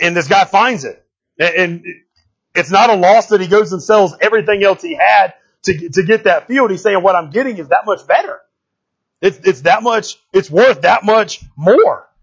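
A pastor preaching a casual, conversational sermon with frequent rhetorical "right?" asides, swinging from low murmurs to shouted outbursts. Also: male voice, breathy edge, dull audio.

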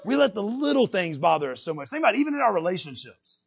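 A man preaching a sermon as a pastor, talking conversationally and swinging between loud bursts and quiet asides. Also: high-pitched, quick pace, gravelly, breathy edge, dull audio. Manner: animated, conversational preaching with sudden loud jumps and quiet drops.

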